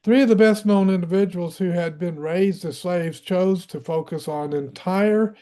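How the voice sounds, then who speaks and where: His voice sits high and mellow at a moderate pace as this Southern-accented man from Tennessee reads a history book aloud. He throws in casual asides of his own.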